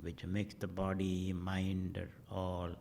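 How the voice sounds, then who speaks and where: A middle-aged man leading a guided meditation, speaking in slow, measured phrases that trail off into whispers. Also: sits low, completely flat delivery, gravelly, a little mellow, slight background noise. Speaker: meditation teacher.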